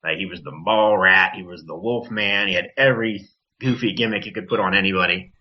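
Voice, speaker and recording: A man's voice: deep voice, fairly quick. A man who wrestles, guesting on a podcast, telling a story casually and animatedly, swearing and acting out other people's lines. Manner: animated, profane, acts out quoted voices. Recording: dull lo-fi podcast audio.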